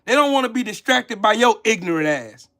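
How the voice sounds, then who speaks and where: A man's voice: high-pitched, lively intonation, a little fast, sharp tone. A man hosting a livestream, ranting with heated profanity and scolding people in his chat. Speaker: channel host. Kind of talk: livestream commentary rant.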